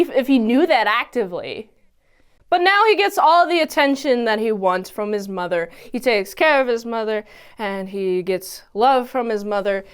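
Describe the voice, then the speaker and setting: A woman giving a casual, animated recap of a TV episode, often exclaiming and acting out the characters' lines. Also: on the high side, smooth. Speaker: TV episode reviewer.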